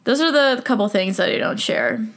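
A woman's voice: on the high side, animated, moderate pace, fairly bright tone. A woman in her twenties hosting a solo podcast, talking frankly and casually, joking and laughing often. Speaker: podcast host.

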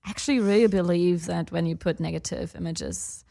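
A woman's voice: on the low side, fairly even intonation, a little fast, gravelly, warm tone. A German woman speaking English with a German accent as a podcast guest, earnest and hesitant with many ums. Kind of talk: casual podcast chat.

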